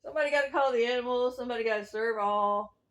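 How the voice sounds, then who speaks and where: A woman with a high voice talks her way through a rambling religious testimony. She preaches in loose, wandering turns and chuckles between thoughts. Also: fast, a bit bright. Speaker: self-styled prophet.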